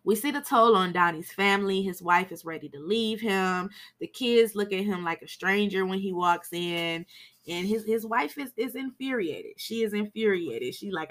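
A woman hosts a casual film-recap podcast, talking in a chatty, frank way and swearing now and then for emphasis. Her voice is bright and forceful and sits at a middle pitch. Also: normal speed. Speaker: podcast host.

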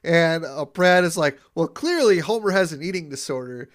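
A man with a fairly high voice co-hosts a podcast, chatting loosely as he retells an episode. He laughs often and lets sentences trail off. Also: animated, normal speed. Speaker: podcast co-host. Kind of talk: casual chat recapping an episode.

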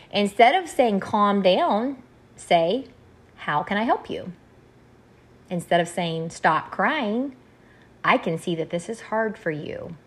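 A woman leading a group, reading through graphics and explaining them in a gentle, earnest way. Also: fairly low pitch.

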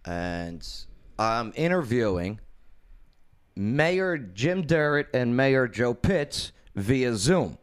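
A man hosting a casual talk show, winding through a story with plenty of "uh"s and "you know"s. His voice swoops up and down with animated intonation as he talks, at a mid pitch. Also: extremely slow, clear, resonant tone. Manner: rambling storyteller with many fillers, lively intonation. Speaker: podcast host.

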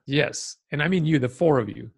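A man's voice: a little high, brisk, creaky, husky. A man co-hosting a podcast in casual chat, telling stories and teasing his partner. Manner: animated storyteller, teasing. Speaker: podcast co-host.

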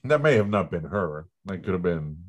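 A man's voice: low voice, animated, moderate pace. A man hosting a casual podcast chat, loose and profane, reading out news items between banter. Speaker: podcast host.

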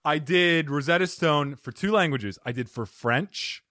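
A man hosting a casual podcast chat, telling animated stories and acting out voices. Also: a little high, unhurried, no room sound, studio quality. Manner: animated storyteller who acts out voices. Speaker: podcast host.

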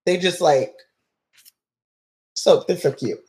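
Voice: mid-range voice, unhurried, fairly bright tone. A host reading a novel aloud and breaking off for chatty, enthusiastic commentary and listener comments.

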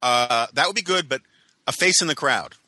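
Hesitant man with a very bright voice. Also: medium pitch, lively intonation, normal speed, no room sound. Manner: musing, hesitant with many ums. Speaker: podcast co-host. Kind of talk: casual chat.

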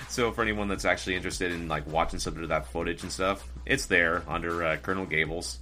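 A man's voice: sits low, steady tone, brisk, sharp tone, faint music behind. A young man talking in casual podcast chat, laid-back and loose, laughing easily.

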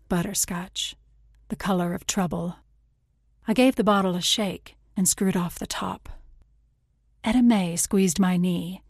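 A woman reading a first-person literary audiobook in a measured, intimate way, slipping into whispers on tender passages. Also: on the low side, a little mellow, husky, no room sound, clean studio sound. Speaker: audiobook narrator.

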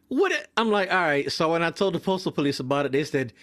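A young man telling a profane, animated story about his work as a mail carrier, acting out the other people's lines in quick voices. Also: on the high side. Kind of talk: casual storytelling on a podcast.

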